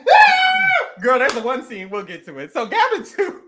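A woman co-hosting a show, recapping in casual chat, animated and profane, often laughing. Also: a little high, fairly quick, very noisy. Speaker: podcast co-host.

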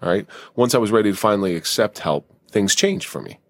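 A man's voice: fairly low pitch, expressive, fast talker, no echo. A man with a New Jersey accent hosting a podcast, reflective and teasing. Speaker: podcast host. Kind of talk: casual podcast conversation.

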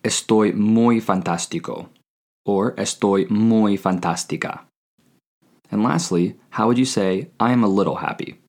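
Deep-voiced man teaching a language lesson. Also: a little mellow. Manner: slow, clear repetition of words. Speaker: Spanish teacher.

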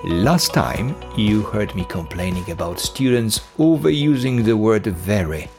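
A man's voice: on the low side, lively intonation, a little slow, darkish tone, faint music behind. A man with a Polish accent hosting a solo English-lesson podcast, explaining grammar with dry, self-deprecating humor. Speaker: podcast host and English teacher.

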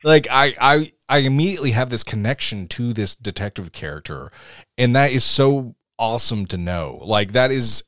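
Man, podcast co-host, excited rambling chat, middle pitch, dry close sound. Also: normal speed, no echo. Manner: enthusiastic, rambling with restarts. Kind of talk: casual chat.

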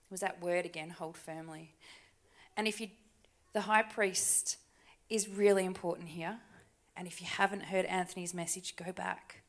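A woman preaching a sermon in a church, talking conversationally with tag questions and dropping to soft, hushed asides. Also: fairly low pitch, little pitch movement, moderate pace. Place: church stage.

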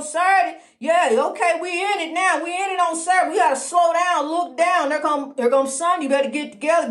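Woman, middle-aged, high voice, folksy preachy podcast talk, echoey room. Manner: folksy, preachy, calls listener honey. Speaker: podcast host. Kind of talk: casual spiritual talk. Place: indoors at a lighthouse, roomy. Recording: roomy echo.

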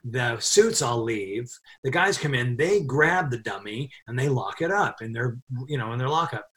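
A middle-aged man telling a crew anecdote in a casual interview, animated and quick to laugh. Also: mid-range voice. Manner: animated storyteller, laughs often while telling. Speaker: film crew member telling a story.

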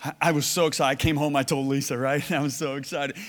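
High, bright-voiced preacher man in a hall. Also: little pitch movement, fast. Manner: storytelling, swings from low hushed lines to loud shouted bursts. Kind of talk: sermon.

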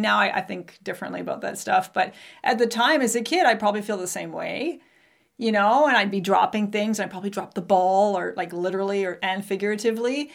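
A woman's voice: mid-range voice, gravelly, fairly bright tone. A woman in her forties, a podcast host, telling a candid personal story and acting out remembered dialogue.

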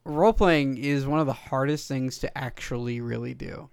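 A man's voice: medium pitch, moderate pace, vocal fry, clean tone, no echo, clean studio sound. A man co-hosting a casual podcast chat about role-playing, reflective and hesitant with many fillers.

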